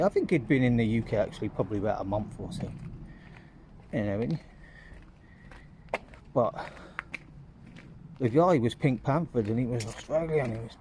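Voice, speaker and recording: A man's voice: mid-range voice, moderate pace, pauses often, a little mellow, a little hiss or hum. Chatty man vlogging outdoors. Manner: rambling, chatty storyteller. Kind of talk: casual walking vlog. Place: outdoors on town streets, walking.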